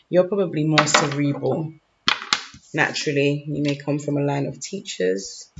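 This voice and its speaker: A man giving a casual tarot reading to camera, informal and slangy, often checking in with "okay?". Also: fairly high pitch. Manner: informal, peppered with "okay?" and "like", loose slangy phrasing. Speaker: tarot reader. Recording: dull lo-fi recording with faint noise.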